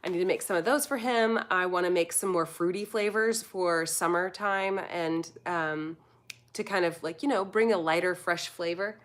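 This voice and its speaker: This food vlogger from the United States, a woman in her thirties, speaks at a normal speed in a fairly low voice. She rambles casually on her live stream and reads out comments from viewers.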